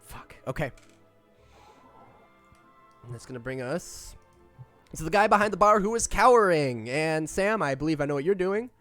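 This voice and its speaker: A man narrating a tabletop role-playing game as game master, lively and loose, with casual swearing. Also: a little high, normal speed, pauses often, soft background music.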